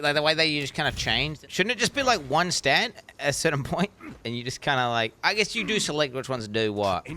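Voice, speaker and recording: A young man streaming a game, chatting casually with lots of swearing and sudden excited yells. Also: medium pitch, slight background noise. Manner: profane, rambling, bursts into excited yells. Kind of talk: casual live-stream gaming chat.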